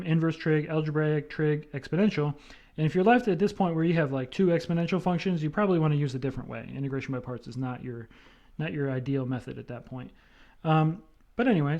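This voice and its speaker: A man's voice: fairly high pitch, mellow, highs cut off. A man lecturing on math, explaining step by step and checking in often with "right?". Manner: explanatory, repeats with "right?" and fillers.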